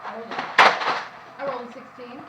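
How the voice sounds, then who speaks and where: A woman's voice: on the high side, steady tone, takes it slowly, very noisy. A woman playing a tabletop wargame, playful and eager about her dice rolls. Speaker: player.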